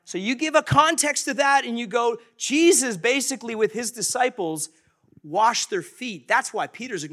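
A man preaching a sermon as pastor, animated and conversational, acting out quoted voices. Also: very high voice, normal speed.

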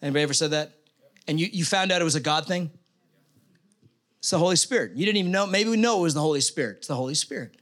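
A man's voice: a little high, animated, fast talker, long pauses, a bit bright. A man preaching a casual sermon in church as pastor, explaining step by step with joking asides. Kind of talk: conversational sermon.

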